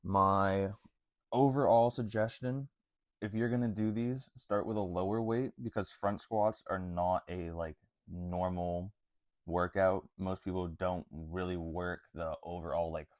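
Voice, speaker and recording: A man's voice: low-pitched, steady tone, a little slow, dry recording, clean studio sound. A man vlogging about fitness in a casual, slangy way, full of "like" and "honestly.". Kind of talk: casual talk to camera.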